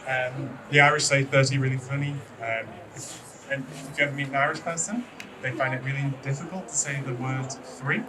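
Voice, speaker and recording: A British man leads a classroom lesson in a loose, chatty way, hesitating with frequent ums and playfully teasing the class. He sits at a middling pitch and sounds set back from the mic, with clear room noise behind him. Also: fairly even intonation, normal speed, far from the mic. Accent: British English. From Britain. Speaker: English teacher.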